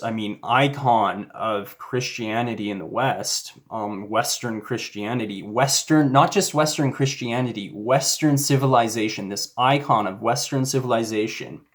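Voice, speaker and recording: Slow-talking man telling his story. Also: mid-range voice. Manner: casual, rambling, many fillers and restarts. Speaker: YouTuber. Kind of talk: personal faith story.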